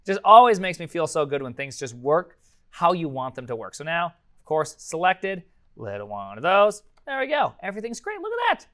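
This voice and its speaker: A man with a fairly high-pitched voice teaches a programming course, live-coding and thinking aloud. He is energetic and prone to sudden, excited exclamations.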